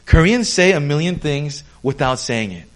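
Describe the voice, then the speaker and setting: A man's voice: fairly high pitch, animated, normal speed, slight background noise. A man, a pastor, teaching a conversational sermon, explaining step by step and checking in with his listeners. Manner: explains step by step, checks in with "okay?", acts out quoted people.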